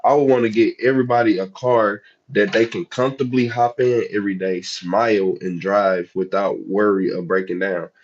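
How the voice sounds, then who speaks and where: A man's voice: lowish voice, fairly even intonation, moderate pace, few pauses, highs cut off. Laid-back Southern man chatting on a livestream. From United States. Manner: chatty, laid-back, talks straight to chat. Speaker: livestream host. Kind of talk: casual livestream chat.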